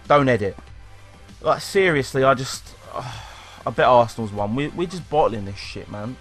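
A man from England commentating live on his own football video game, excitable and swearing, swinging between yelling at the players and deflated muttering. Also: medium pitch, normal speed, soft background music. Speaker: gaming YouTuber.

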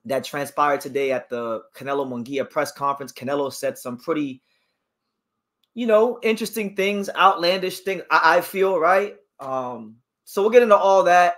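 This man's voice is on the high side and a bit bright. He hosts a laid-back boxing livestream, chatting as he reads out viewer comments, reacts to them, and weighs in on fighters.

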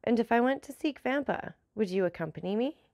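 Storybook count, cool and commanding, gravelly edge, dry close sound, read by a woman. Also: a little high, expressive, brisk, a little mellow, no room sound. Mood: measured, commanding. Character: commanding, enigmatic nobleman, the Count.

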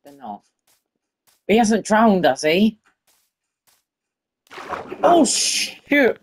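A woman giving casual, excitable commentary while playing a game and talking to the animals in it. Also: mid-range voice, extremely slow. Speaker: gaming video creator.

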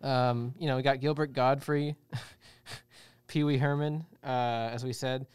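A man's voice: medium pitch, little pitch movement, unhurried, darkish tone, clean tone, dry recording. A young man co-hosting a casual podcast, rambling and joking with many restarts. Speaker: podcast co-host. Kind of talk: casual chat.

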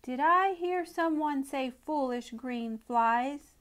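A very old, wise male frog from a storybook, as a woman reads him. He drawls each word slowly and grumbles a little about gossip. His voice sits fairly high. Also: fairly bright tone. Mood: curious.

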